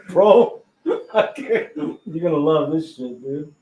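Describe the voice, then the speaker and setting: A man's voice: on the high side, mellow. A man telling a personal story in casual chat, swearing freely and laughing often. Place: tattoo studio during a live podcast. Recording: roomy echo, faint ambience.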